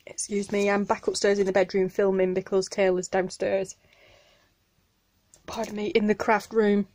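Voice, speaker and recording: A woman with a Northern English accent chatting excitedly as she unboxes craft mail in her home craft room, gushing over each item and apologizing for the noise. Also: mid-range voice, normal speed, dry recording. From Northern England. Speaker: craft channel host. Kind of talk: casual unboxing vlog. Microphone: camera on a tripod.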